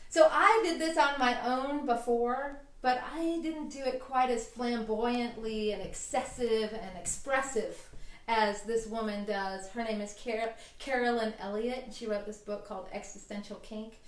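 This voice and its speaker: A woman's voice: fairly high pitch, steady tone, measured pace. A woman hosting a self-help vlog, giving casual, enthusiastic advice in a chatty manner. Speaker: herbalist vlog host. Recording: roomy, distant mic.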